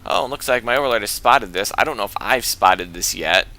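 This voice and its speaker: A man casting his own strategy game match in excitable, chatty play-by-play that gets easily worked up. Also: on the low side, brisk. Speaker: game caster and player.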